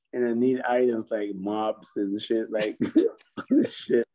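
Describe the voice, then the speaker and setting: A man with a low, mellow voice tells laughing, profane stories as a podcast guest. He chats casually and loosely. The audio sounds a little dull and lo-fi. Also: steady tone, slow pace. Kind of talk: casual storytelling chat.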